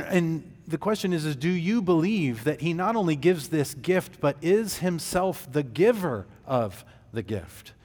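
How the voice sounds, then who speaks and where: A man preaching a sermon as pastor, measured and deliberate, with fillers and restarts. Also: medium pitch, darkish tone. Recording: long hall reverb.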